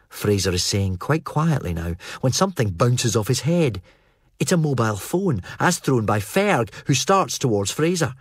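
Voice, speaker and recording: A man narrating a first-person novel as an audiobook, in a steady, even storytelling manner. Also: medium pitch, normal speed, husky, no room sound.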